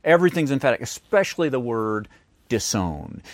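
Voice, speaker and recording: A man's voice: medium pitch, sing-song, normal speed, no echo. A man preaching a sermon who acts out the voices of the people in his stories. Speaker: pastor.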